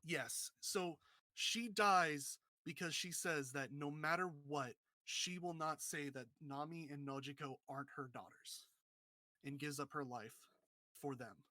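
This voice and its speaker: Male podcast co-host, earnest storyteller, bright tone, dry close sound. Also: fairly high pitch, a little slow, dry recording. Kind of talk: casual podcast chat.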